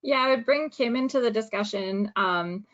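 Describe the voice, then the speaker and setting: A woman's voice: on the high side, moderate pace, fairly bright tone. A woman soil specialist presenting in an online webinar, explaining at length with fillers and self-corrections. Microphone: video call. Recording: dull lo-fi call audio.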